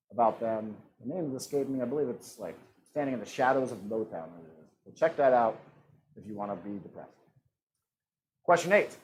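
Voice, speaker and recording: There's slight background noise as a mid-range male voice hosts an online trivia game over a live stream. Playful and joking, he reads the questions and gives the answer options funny voices.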